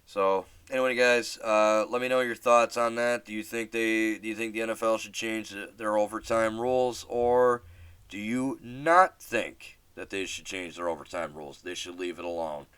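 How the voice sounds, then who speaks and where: A deep-voiced man tells a story on his solo podcast, rambling and restarting, and he swears casually. His voice is smooth and clear, recorded dry and close. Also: fairly even intonation, moderate pace, fairly bright tone, no echo. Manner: rambling, many fillers and restarts. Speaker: podcast host.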